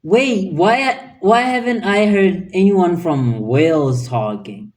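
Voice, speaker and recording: A man's voice: high voice, lively intonation, takes it slowly. A man hosting a reaction video, talking in a casual, incredulous, musing way.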